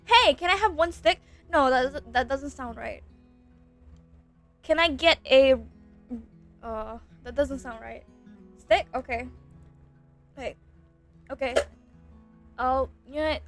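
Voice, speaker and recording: A young woman streams and chats into a close desk microphone, her voice sitting high and light. She rambles, giggles, and repeats herself when she gets flustered. Faint music plays quietly in the background. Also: slow, long pauses. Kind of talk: casual livestream chat while eating. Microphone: close desk mic.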